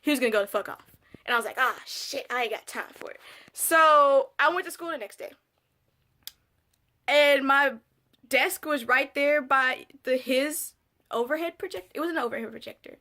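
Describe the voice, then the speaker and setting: A young woman casually telling a storytime about her childhood, candid and swearing freely, with animated re-enactments. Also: sits high, moderate pace, long pauses. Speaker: vlogger.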